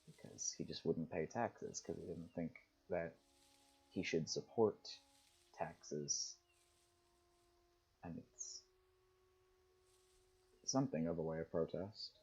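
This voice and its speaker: A young man giving relaxed, casual commentary while he plays a game, musing aloud and reading on-screen text. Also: low voice, takes it slowly, creaky, pauses often, breathy edge, poor audio. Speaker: gaming streamer.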